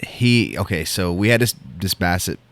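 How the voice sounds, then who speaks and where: Deep-voiced man telling a rambling story. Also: moderate pace, fairly bright tone. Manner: rambling, lots of fillers and restarts. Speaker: podcast co-host. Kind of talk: casual storytelling.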